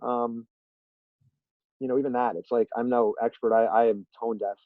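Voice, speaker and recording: A man's voice: medium pitch, little pitch movement, moderate pace, no room sound. A man as a podcast guest in casual interview chat, a rambling, self-deprecating storyteller who acts out quotes. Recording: tinny phone-line sound, dry.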